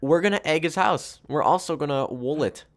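Young male gaming host, jokey and bossy, animated mid-range voice. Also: on the high side, moderate pace. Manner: playful, joking, bossy. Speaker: YouTuber host. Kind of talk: casual gaming banter.

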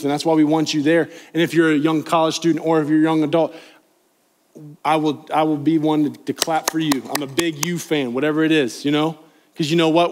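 Young male youth pastor, slightly high voice, earnest and conversational sermon delivery. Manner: earnest, conversational, pleading tone with rising emphasis. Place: church sanctuary, live congregation.

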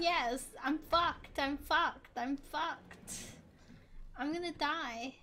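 A woman streaming a game, giving live commentary, frustrated and swearing constantly as she yells orders at the characters. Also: sits high, drawn-out words, noisy background.

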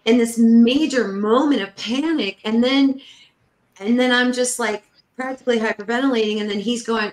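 A woman guest on a podcast, telling a story in a casual, animated way. She fills her talk with "like" and acts out the voices in the story. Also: on the high side, moderate pace. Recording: roomy echo.

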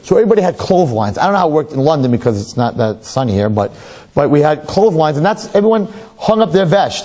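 Husky, animated rabbi preaching. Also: male voice, medium pitch. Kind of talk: sermon with storytelling.

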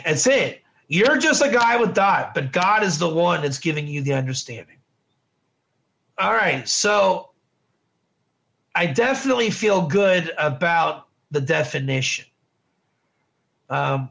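A man's voice: sits high, vocal fry, pushed and bright. A man teaching a casual Bible study class, chatty, often repeating himself and quizzing his students. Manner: chatty, repeats words and restarts, asks the class questions. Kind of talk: informal class lecture.

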